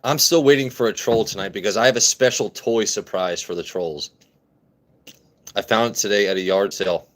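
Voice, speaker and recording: Low-voiced man chatting on a live stream. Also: moderate pace. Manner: jokey, chatty, reads and greets chat. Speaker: livestream host reviewing whiskey. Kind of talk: casual live stream chat.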